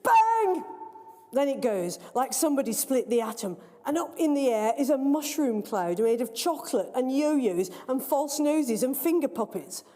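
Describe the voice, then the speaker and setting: A woman reads her own story aloud at a live event, expressive and measured. Her voice is mellow and somewhat high. The long reverb of a large library hall trails each phrase. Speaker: author reading her story.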